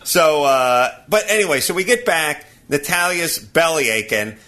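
Brief: male podcast host, rants with a laugh, bright forceful tone, higher-pitched. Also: normal speed. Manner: animated, ranting, laughing. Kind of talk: casual comic storytelling.

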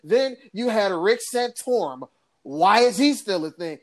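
Sarcastic, animated woman podcaster. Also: medium pitch, measured pace. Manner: animated, sarcastic, laughs often, mocking impressions. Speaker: podcast co-host. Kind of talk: casual political commentary.

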